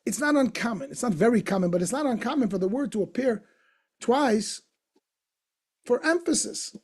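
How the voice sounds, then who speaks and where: Gravelly-voiced rabbi explaining a text. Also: male voice, very high-pitched, animated, normal speed, darkish tone. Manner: explanatory, questioning, repeats for emphasis. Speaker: rabbi teaching a text class. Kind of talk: Torah lesson lecture.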